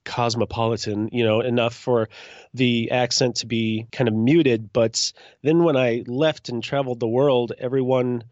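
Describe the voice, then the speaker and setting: A man in his forties from Minnesota, a juggler telling his story as a guest in a relaxed, self-deprecating way. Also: mid-range voice, moderate pace, dry recording, muffled recording. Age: 40s. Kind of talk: casual interview.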